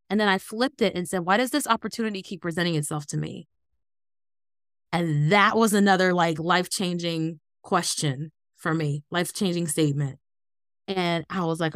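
A woman in her thirties, a guest on an interview, telling her story in an animated, earnest way. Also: lowish voice, brisk, clear, resonant tone, no echo, clean studio sound. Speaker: guest, entrepreneur.

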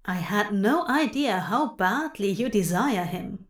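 A woman's voice: mid-range voice, lively intonation, unhurried, echoey room, lightly acted. A woman voicing a seductive, sly male plant-fey king who murmurs and chuckles knowingly.

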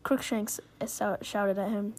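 A woman's voice: mid-range voice, little pitch movement, moderate pace, a little mellow. A young woman reading fan fiction aloud with giggly, dramatic line readings. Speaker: reader.

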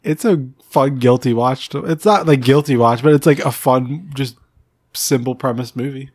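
A man co-hosting a casual podcast, bantering and arguing his picks with easy, cheeky swearing. His voice sits at a middling pitch and comes through dry and close, with no room sound around it. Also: normal speed, slightly rough, no echo. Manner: playful, argumentative, swears casually. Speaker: podcast co-host. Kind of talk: casual chat.

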